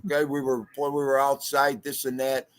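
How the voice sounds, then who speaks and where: A man's voice: medium pitch, monotone, normal speed, clean tone. A man co-hosting a livestream podcast who tells stories in casual chat and keeps checking in with "okay?". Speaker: livestream co-host.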